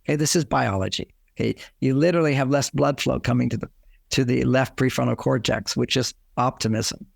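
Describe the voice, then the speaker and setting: Gravelly older man giving advice. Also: medium pitch, fairly quick, no room sound, studio quality. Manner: explanatory, acts out quoted lines. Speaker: relationship author. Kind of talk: advice interview.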